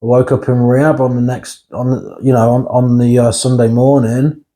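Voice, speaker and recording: A man's voice: medium pitch, flat delivery, normal speed, dark tone. A man, telling his own life story bluntly in an interview, swearing now and then and often checking in with the listener. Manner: blunt and frank, swears, keeps checking in with "right?". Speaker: interview guest. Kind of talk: candid personal storytelling.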